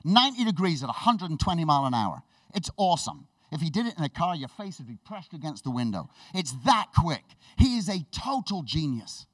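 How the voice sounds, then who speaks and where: A man preaching a sermon with enthusiastic, animated storytelling, laughing and restarting as he goes. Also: fairly high pitch, a little fast, hardly any pauses, no room sound, distant mic.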